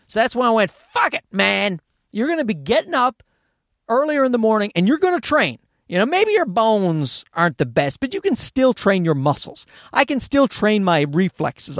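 Male podcast host, high, bouncy voice, dry close mic, rambling and profane. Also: no room sound. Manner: rambling, profane, self-mocking storytelling with many restarts. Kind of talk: casual solo podcast monologue.

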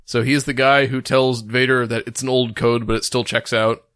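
A man's voice: medium pitch, flat delivery, normal speed, a bit bright, clear, resonant tone, no echo, clean studio sound. Rambling man, filler-heavy casual chat. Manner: rambling, packed with "like" fillers and restarts. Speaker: podcast co-host.

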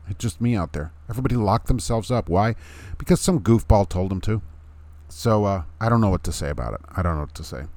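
A middle-aged man delivers a casual, blunt rant straight to camera. His voice sits low, and he sounds emphatic and mocking by turns. The sound is dry and close, with little room around it. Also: darkish tone, no echo. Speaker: YouTube commentator.

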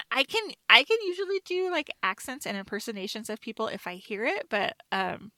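A woman co-hosting a podcast in casual chat, animated and teasing, giggling often. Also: on the high side, normal speed, dry recording. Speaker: podcast co-host.

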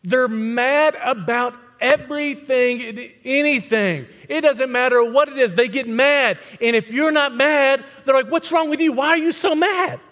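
A man's voice: extremely high pitch, pushed and bright. A man pastor preaching a blunt, conversational sermon to his congregation, tossing out rhetorical questions. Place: church sanctuary with congregation. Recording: long hall reverb.

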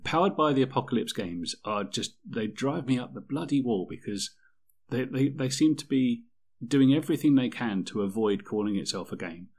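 A man's voice: medium pitch, lively intonation, normal speed, a little mellow. A man co-hosting a casual chat about tabletop games, rambling and sardonic, often mock-quoting things in silly voices. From Britain. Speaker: podcast co-host.

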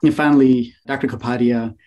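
A man's voice: mid-range voice, brisk, muffled recording. A man hosting a podcast, speaking earnestly and gratefully as he thanks his guests. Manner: earnest, grateful, even-toned. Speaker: podcast host. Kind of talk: casual interview chat.

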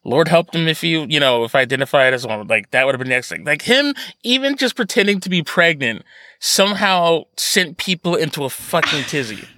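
A man co-hosting a podcast in casual chat, animated and laughing, swearing freely. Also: fairly high pitch, fairly quick, no room sound. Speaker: podcast co-host.

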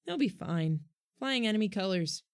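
A woman's voice: medium pitch, expressive, normal speed, lightly acted. A woman voicing a wry, guarded boy in a storybook reading, close to her own voice.

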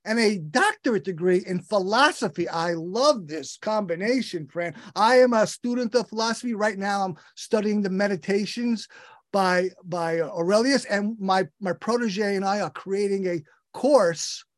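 A man's voice: high voice, moderate pace, dry recording, studio quality. Enthusiastic rambling male podcast host. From United States. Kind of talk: interview introduction.

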